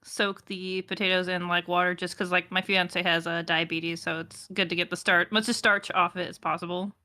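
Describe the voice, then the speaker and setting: A woman's voice: on the low side, flat delivery, moderate pace, sharp tone. A woman co-hosting a livestream, chatting casually with fillers and small laughs. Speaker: co-host.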